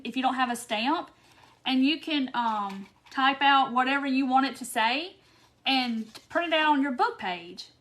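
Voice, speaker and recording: A woman's voice: high voice, a bit bright. A woman hosting a live craft tutorial, chatty and laughing often as she reads viewer comments by name. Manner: giggly, keeps breaking into laughter. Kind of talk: casual live-stream chat.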